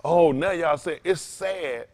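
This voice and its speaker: Preaching man, emphatic and loud. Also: fairly high pitch, takes it slowly. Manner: loose, emphatic, rising to loud bursts. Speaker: pastor. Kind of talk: preaching to a congregation.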